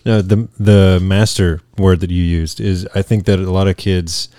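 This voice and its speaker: Guy, deep voice, earnest on a podcast, teases his buddies. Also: level tone, moderate pace, warm tone, no echo, clean studio sound. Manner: earnest, teasing. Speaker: podcast co-host. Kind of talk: casual discussion.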